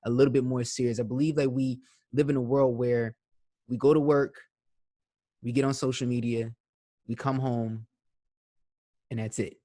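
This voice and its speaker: A podcast host keeps a casual interview chat loose and conversational, often checking in with his guest and leaning on "you know what I'm saying." His mellow, medium-pitched voice has little pitch movement, moves at a normal speed and pauses often.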